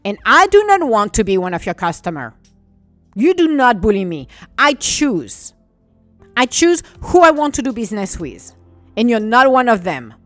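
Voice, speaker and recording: A fired-up woman scolds a company in a ranting monologue, her fairly high voice leaping up and down as she goes. Her English phrasing is a little non-native, and soft music sits faintly behind her. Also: moderate pace, no echo. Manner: indignant, animated, scolding.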